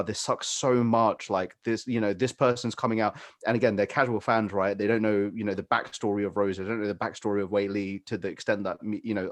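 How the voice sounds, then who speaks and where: A man's voice: lowish voice, no room sound, studio quality. A British man co-hosting a fight-sports podcast, talking in a rambling, opinionated way with lots of fillers. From Britain. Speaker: podcast co-host. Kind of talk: casual chat.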